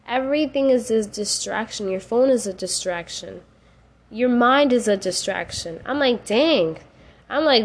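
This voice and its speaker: A woman hosting a faith podcast, speaking casually and emotionally, tearful at times, slipping into slang and prayer. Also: on the high side. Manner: emotional, rising to cries and laughs, casual slang. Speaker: podcast host.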